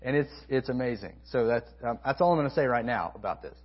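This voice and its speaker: A husky-voiced man preaches with emphatic stresses, repeating his key phrases and dropping into quiet asides. The recording is dull and lo-fi, and his pitch sits in an ordinary middle range. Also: animated, fast talker. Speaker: college ministry preacher. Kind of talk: sermon.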